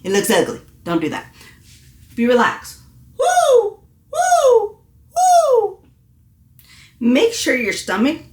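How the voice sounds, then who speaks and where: A woman vocal coach leading an online singing lesson, encouraging and demonstrating exercises. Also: fairly high pitch. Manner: encouraging, demonstrates with sung hoots. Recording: echoey room.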